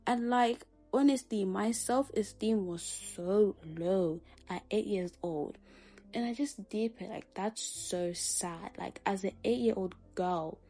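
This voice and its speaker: Young woman from Zimbabwe, vlogger at home doing her makeup, easy chatty delivery, middle pitch. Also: warm tone. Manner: casual, fills speech with "like" and talks straight to "guys". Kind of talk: candid personal storytelling.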